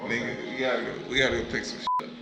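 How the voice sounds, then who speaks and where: A man's voice: mid-range voice, flat delivery, racing, creaky, low-quality recording. A young man vlogging casually, joking and swearing as he talks. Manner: profane, joking, laughs often. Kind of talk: casual vlog chat. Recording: loud music behind. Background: loud music.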